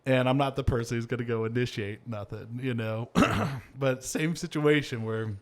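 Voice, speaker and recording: A man's voice: medium pitch, moderate pace. A man hosting a podcast in casual chat, telling stories in a rambling way with lots of fillers and laughter. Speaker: podcast host.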